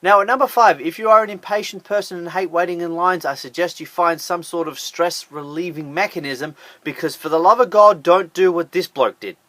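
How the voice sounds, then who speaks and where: A man's voice: high-pitched, a little fast, hardly any pauses, sharp tone, no room sound. A man hosting a scripted top ten countdown, talking in a sarcastic, incredulous way. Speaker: host of a top ten list channel. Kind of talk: scripted list commentary.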